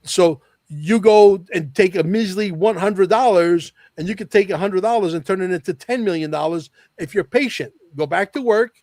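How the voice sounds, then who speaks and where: A man's voice: high-pitched, normal speed, hardly any pauses, a little mellow, no room sound. A man as a podcast guest, talking emphatically and repeating key lines for effect. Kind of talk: podcast interview talk.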